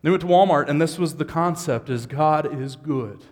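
A man's voice: on the high side, moderate pace, long reverb tail. A man preaching a sermon as a pastor, moving from easygoing asides to fervent, rising exhortation. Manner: builds from conversational to impassioned shouting.

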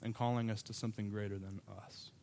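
A man's voice: on the low side, little pitch movement, quick pace, warm tone, a little hiss or hum. Man preaching a conversational sermon. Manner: conversational storytelling with asides. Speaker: pastor.

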